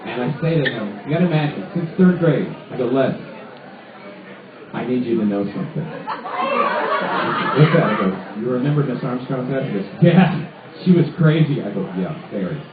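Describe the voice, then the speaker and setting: A man telling a stand-up story in an animated way, jumping into loud character voices. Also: mid-range voice, fairly quick, recorded from a distance, over a noisy crowd. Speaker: stand-up comedian. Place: comedy night in a sports pub. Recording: roomy bar recorded from afar on lo-fi audio. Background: audience laughter.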